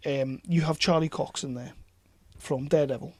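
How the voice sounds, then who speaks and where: A man, co-hosting a casual film podcast, excitable and swearing freely. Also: a little high, moderate pace, husky, no echo. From North East England. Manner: excitable, swears freely, laughs while talking. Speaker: podcast co-host.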